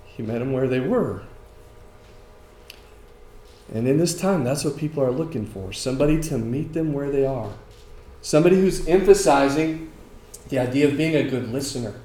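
A man preaching a sermon, moving between emphatic lines and quiet ones and asking rhetorical questions. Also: medium pitch, animated, a little fast. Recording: echoey room with faint ambience.

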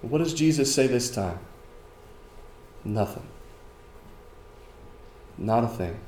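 A man preaching a sermon, moving between emphatic lines and quiet ones and asking rhetorical questions. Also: medium pitch, lively intonation, slow pace, a little hiss or hum. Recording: echoey room with faint ambience.

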